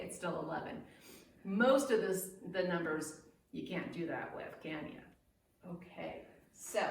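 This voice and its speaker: A woman talks slowly and gently to small children, leading a circle-time lesson and leaving pauses for their answers. Her voice carries a heavy room echo, picked up from a distance with a faint hiss underneath. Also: on the low side. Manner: gentle, sing-song, pausing for children's answers. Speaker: preschool teacher.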